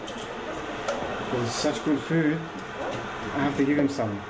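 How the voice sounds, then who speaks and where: A man's voice: a little high, wildly swooping pitch, takes it slowly. A man presenting a casual vlog, joking and laid-back. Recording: echoey with background noise.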